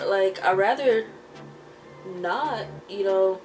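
This young woman's voice is medium in pitch and a bit bright, moving at a moderate pace with slight background noise. A beauty vlogger at home, she applies makeup while telling meandering stories full of laughter.

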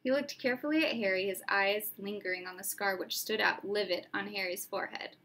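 A woman narrating a storybook aloud in a steady, expressive way. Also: mid-range voice, brisk, hardly any pauses. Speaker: reader.

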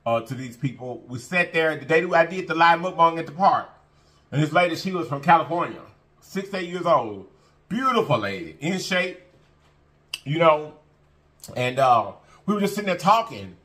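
Lively, bright-voiced man preaching to viewers. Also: on the high side, moderate pace. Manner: emphatic and repetitive, preachy, drawling fillers. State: full after a meal. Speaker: mukbang vlogger. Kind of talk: casual heart-to-heart talk to viewers.

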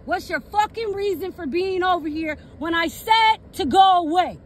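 A woman with a very high voice confronts officers outdoors at night, filming on her phone. She repeats herself and swears, with faint street noise and passing cars around her. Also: normal speed. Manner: angry, repetitive, profane. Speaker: citizen recording a police encounter. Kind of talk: angry confrontation filmed on a phone. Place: outdoors in a parked car at night.

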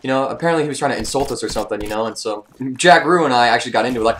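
A man's voice: mid-range voice, rapid-fire, hardly any pauses, fairly bright tone. A young man, a gaming YouTuber, chatting casually over gameplay in a rambling way with many fillers.

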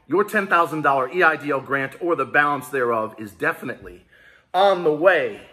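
Hyped high-voiced man vlogging. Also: expressive, fairly quick, pushed and bright. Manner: hyped, rallying, talks straight to viewers. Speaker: small business video host. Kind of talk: casual emotional vlog.

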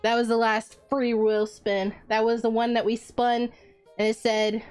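A woman's voice: fairly high pitch, flat delivery, a little slow, a little mellow, smooth, soft background music. A woman live streamer chatting casually with her viewers, blunt and profane, teasing them as she goes.

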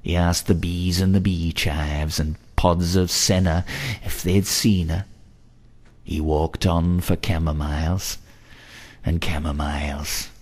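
A man narrating a whimsical story full of playful wordplay, in a measured delivery. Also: deep voice, fairly even intonation, a little mellow.

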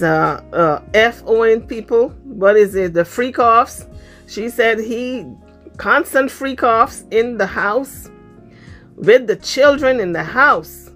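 A woman giving casual celebrity gossip commentary in a sassy, blunt, slangy way, her voice slightly hoarse. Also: medium pitch.

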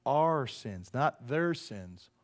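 A man, a pastor, preaching a casual, joking sermon in a church and acting out quoted voices with big jumps in pitch. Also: animated, drawn-out words. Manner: joking and conversational, teases the audience. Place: church sanctuary.

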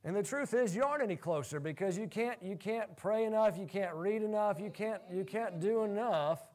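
A male pastor preaching a sermon in an animated way, laughing often as he talks. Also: high-pitched, moderate pace.

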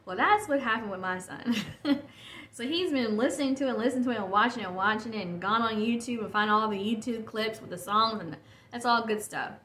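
A woman in her thirties hosts a casual solo podcast, rambling, correcting herself, and chatting away. Her voice is on the high side, brisk, and fairly bright. The recording comes from an echoey room with faint noise.

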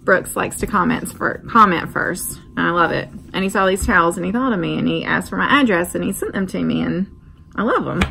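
A woman's voice: fairly low pitch, expressive, a little fast, vocal fry, background noise. A woman, chatting casually on her porch as a vlogger, friendly and rambling with asides. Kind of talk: casual chat. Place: outdoor porch.

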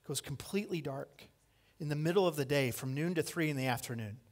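Quick-paced and fairly high-pitched, a man preaches as pastor, swinging from loud impassioned cries to hushed lines. He hammers key phrases through repetition for emphasis.

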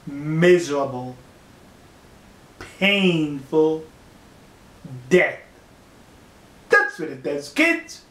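Older male host, high-pitched, sneering and emphatic, echoey room. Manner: scornful, mocking, slow emphatic delivery. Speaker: commentary video host. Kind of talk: opinion monologue.

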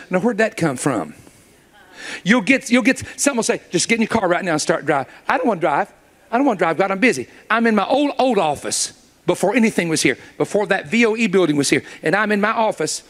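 Male preacher, high lively voice, storytelling sermon that rises to shouts. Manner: storytelling preacher, acts out dialogue, builds to shouts.

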